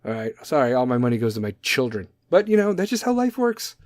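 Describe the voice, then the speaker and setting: A man in his thirties hosts a podcast in a blunt, sarcastic rant full of swearing. His voice sits at a middle pitch. The recording is dry and close to the mic. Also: very animated, quick pace, no room sound. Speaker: podcast host. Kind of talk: profane comedic rant.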